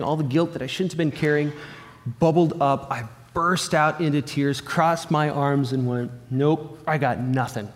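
A man's voice: mid-range voice, darkish tone. A man preaching a sermon in an earnest storytelling voice, acting out both sides of a remembered conversation. His voice sits in the middle of the male range. A long reverb trails each phrase, as in a church hall. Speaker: pastor.

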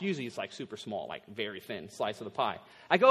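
A man's voice: lowish voice, very animated, quick pace, few pauses, bright, forceful tone, slightly rough. A male pastor preaching a sermon in a church, conversational and laughing often. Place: church sanctuary. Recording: long hall reverb.

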